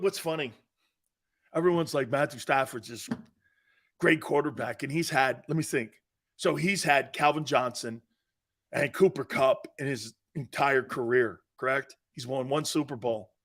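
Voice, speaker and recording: Male sports talk host: jokey, loud, high lively voice, unhurried delivery. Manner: loud, laughs often, jokey. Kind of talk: sports talk show banter.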